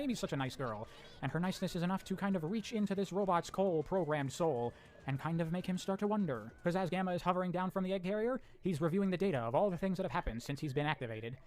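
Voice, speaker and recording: A man briskly recapping a game's story with blunt, sarcastic commentary and casual swearing. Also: fairly high pitch. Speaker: video essayist narrating a story recap.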